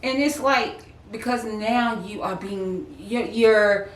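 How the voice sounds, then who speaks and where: A woman's voice: medium pitch, slow pace, recorded from a distance, slight background noise. A woman co-hosting a casual heartfelt chat, speaking earnestly and openly about her feelings. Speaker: co-host. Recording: roomy, off-mic sound.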